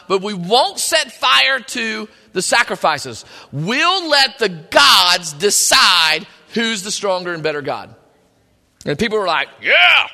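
A man's voice: high-pitched, sharp tone, long reverb tail. A man preaching a sermon, reading scripture and retelling it in casual modern speech.

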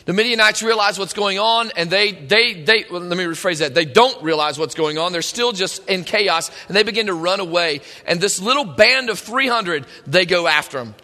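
A man preaching a sermon, retelling a story in an animated, conversational way. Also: high-pitched. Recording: long hall reverb.

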